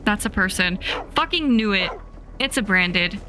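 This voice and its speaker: A woman's voice: mid-range voice, lively intonation, a little slow, background noise. A woman streaming a game, reacting expressively and swearing now and then. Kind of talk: live game commentary.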